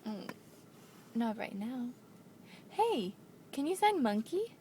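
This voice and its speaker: A mother filming a home video on a handheld camera, coaxing and praising her toddler in a slow, sing-song way. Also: medium pitch, big pitch swings, warm tone, a little hiss or hum. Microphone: handheld camera she is holding.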